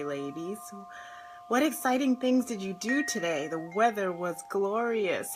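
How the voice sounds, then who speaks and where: A woman life and health coach on a live stream, bubbly and effusive, warmly greeting viewers by name and laughing often. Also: mid-range voice, animated, unhurried, music in the background.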